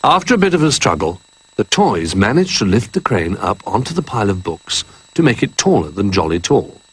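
A man reading a children's story aloud in an expressive, animated way. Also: fairly low pitch, brisk, husky, rough recording.

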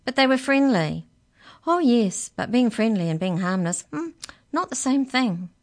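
A woman's voice: fairly high pitch, very animated, a little slow, a little mellow, voice pushed up. A woman voicing a small, knowing mouse in a cage, speaking politely and drily for a children's story. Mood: wry. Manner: polite, dry, matter-of-fact.

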